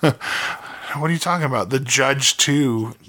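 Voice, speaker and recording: A man's voice: medium pitch, slow pace, pushed and bright. A man co-hosting a podcast over a remote call, laid-back and jokey, laughing often in casual chat. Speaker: podcast co-host. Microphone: remote call mic.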